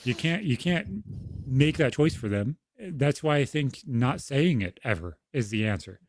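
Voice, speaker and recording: A man's voice: medium pitch, animated, unhurried, no room sound, clean studio sound. A young man on a podcast, talking frankly and swearing constantly as he tells stories from home. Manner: frank, heavy swearing, storytelling. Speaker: podcast co-host. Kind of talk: casual podcast conversation.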